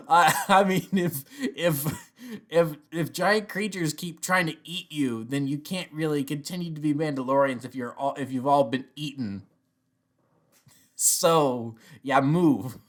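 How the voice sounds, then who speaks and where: A man's voice: fairly high pitch, measured pace. A man giving a casual spoken review, rambling with many restarts and chuckling often. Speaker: TV episode reviewer.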